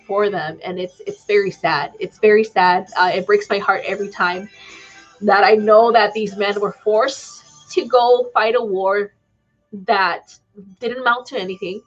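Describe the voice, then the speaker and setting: A woman's voice: mid-range voice, highs cut off. A woman talking casually as a psychic channeler on a live stream, rambling with many fillers and tacking "okay?" onto her lines. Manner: rambling, full of "um", "like" and tag "okay?".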